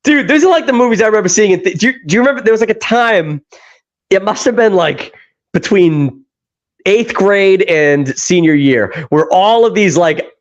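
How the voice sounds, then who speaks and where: A man hosts a loose podcast chat. His voice sits high and bright, and he talks with an animated, profane energy. The recording is dull and lo-fi. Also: moderate pace. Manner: animated, swears, retells scenes with laughing. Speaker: podcast host. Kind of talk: casual chat. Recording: dull lo-fi sound.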